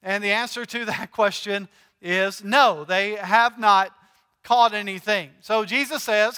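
A man's voice: high voice, steady tone, measured pace, sharp tone, clean tone. A male pastor preaching a sermon in a conversational, joking way, asking his congregation questions. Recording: long hall reverb.

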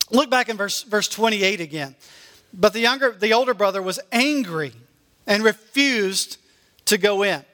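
A man preaching a sermon and reading scripture aloud, earnestly slowing down to stress key words. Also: high-pitched, bright, forceful tone, big-room sound. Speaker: pastor.

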